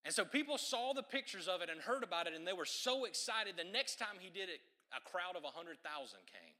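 A man with a strikingly bright, forceful voice delivers a sermon. He tells his story in an animated way and slips in playful, joking asides. His pitch sits a little higher than most men's. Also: fairly quick. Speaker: preacher.

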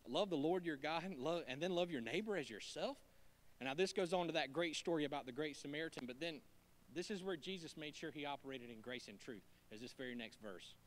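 A man preaching a sermon in a church, conversational and joking, going from hushed asides to emphatic lines. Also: a little high, fast talker. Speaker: pastor.

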